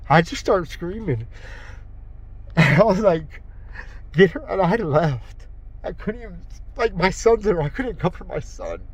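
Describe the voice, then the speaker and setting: A man's voice: sing-song, unhurried, pauses often, slight background noise. Grieving man in a rambling monologue. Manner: rambling, raw and heartfelt, voice dropping low and quiet when grieving. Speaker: vlogger. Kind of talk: emotional monologue to camera.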